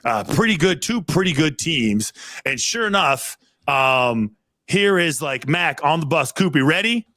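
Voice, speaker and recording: A man hosting a podcast over a video call, telling stories in a rambling, animated way. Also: on the high side, measured pace, no room sound, clean studio sound. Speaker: podcast host. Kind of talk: casual storytelling chat.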